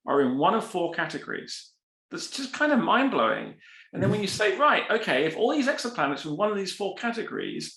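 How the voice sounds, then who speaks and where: A man speaking as a guest scientist in a podcast interview, animated and quick with asides, acting out quoted voices as he explains. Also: a little high, roomy sound.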